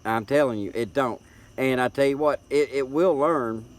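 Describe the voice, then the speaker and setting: A middle-aged man from Tennessee with a Southern accent hosts a live stream in a mid-range voice at normal speed. He chats casually in a folksy, rambling way, repeating words as he talks, recorded on a tablet's built-in mic.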